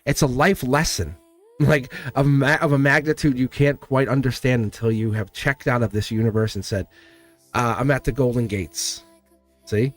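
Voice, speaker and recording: A tarot reader, a man with a mid-range voice, gives a live reading over soft music at normal speed with fairly even intonation. He speaks earnestly and emphatically, circling back on phrases and stumbling over words.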